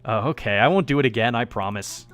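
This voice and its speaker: A woman's voice: a bass voice, fast talker, soft background music. A woman voicing a fierce, dramatic young woman in a romance game, talking in an indignant, snappy way. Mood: defensive.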